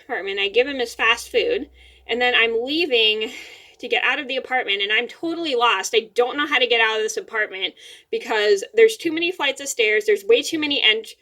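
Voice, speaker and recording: A woman's voice: on the high side, a little fast, pushed and bright. A young woman telling a story to the camera in a rambling, casual way, repeating words and apologizing, a little teary-eyed. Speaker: vlogger.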